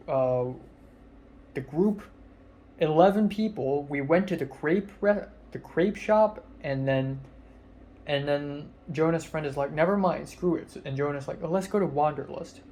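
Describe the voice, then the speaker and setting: A man's voice: on the high side, moderate pace, a little mellow, slight background noise. A nineteen-year-old man, a film student, casually retelling a social outing in a rambling way, full of fillers and quoted dialogue. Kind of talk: casual vlog storytelling.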